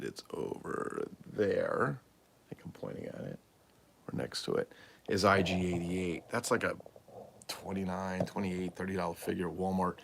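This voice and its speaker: A man's voice: sits low, vocal fry, a little hiss or hum. A man hosting a casual livestream from a collectibles room at home, rambling and answering viewers' comments aloud. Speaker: livestream host and toy collector. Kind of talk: casual live-stream chat.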